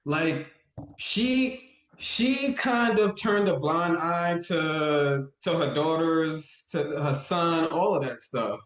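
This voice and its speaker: A relaxed guest host on a casual podcast, talking through soap plots with fillers and restarts. The voice sits mid-range. The room around it rings noticeably. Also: medium pitch, takes it slowly, reverberant. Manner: relaxed, hesitant, trails off with fillers. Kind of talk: casual chat.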